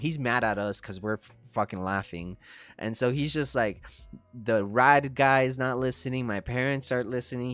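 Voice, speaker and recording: A man's voice: mid-range voice, fairly bright tone, no echo. A man in his thirties hosting a trading livestream, telling stories in a laid-back, profane way and laughing often. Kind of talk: casual livestream chat.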